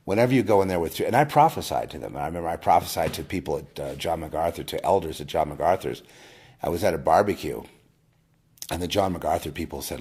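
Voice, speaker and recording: Deep husky guy rambling thru his testimony, loud bursts then dropping real quiet. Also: quick pace. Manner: rambling, many restarts, swings from loud bursts to low murmurs. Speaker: video host. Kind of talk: personal testimony monologue.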